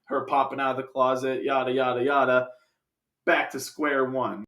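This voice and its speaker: A man's voice: medium pitch, little pitch movement, normal speed, echoey room, heavy background noise. A man giving a casual, jokey film review full of sidetracked asides.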